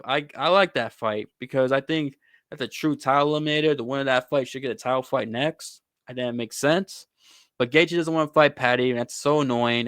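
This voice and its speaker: A man's voice: medium pitch, a bit bright, no room sound, studio quality. A man hosting a casual sports talk show, giving blunt, opinionated takes on fighters and often calling people "bro". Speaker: host.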